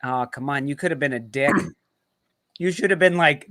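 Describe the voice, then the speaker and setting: A man's voice: a little high, normal speed, a bit bright. An American man hosting casual trivia banter, jokey and swearing, laughing as he talks. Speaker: host.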